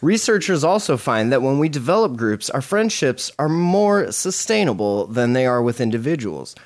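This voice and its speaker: A man co-hosting a casual podcast, reading articles aloud and dropping crude deadpan jokes between passages. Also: medium pitch, moderate pace. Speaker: podcast co-host.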